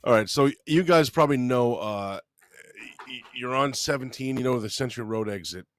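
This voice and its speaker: A man, co-hosting a comedy podcast and telling a story in an animated way, swearing freely. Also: medium pitch, moderate pace, dry recording. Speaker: podcast co-host.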